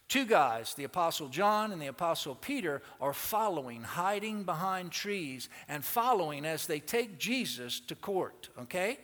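In a big, echoing church sanctuary, a high-voiced male pastor gives a sermon. He tells stories with animation and puts questions to the congregation.

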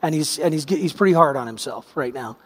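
A man's voice: on the high side, expressive, a little fast, slightly rough, big-room sound. A middle-aged man preaching a sermon, telling a personal story in a conversational way that builds to emphatic peaks. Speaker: pastor.

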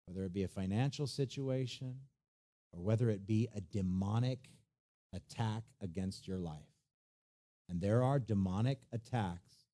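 A middle-aged man preaching a sermon in a conversational way, jumping from loud emphasis to quiet asides. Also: medium pitch. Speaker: pastor.

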